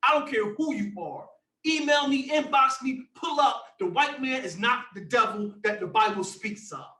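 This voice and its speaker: A man teaching scripture to a group in an animated preaching style, sometimes shouting. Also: very high voice, moderate pace, roomy sound, distant mic, poor audio. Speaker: Bible teacher.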